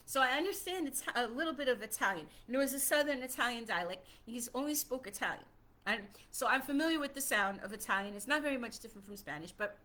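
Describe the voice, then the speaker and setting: Brief: woman storyteller, slightly high, forceful bright tone, chatty and animated. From Puerto Rico. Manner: animated, repetitive, conversational storytelling. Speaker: singer telling a childhood story. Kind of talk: personal storytelling monologue.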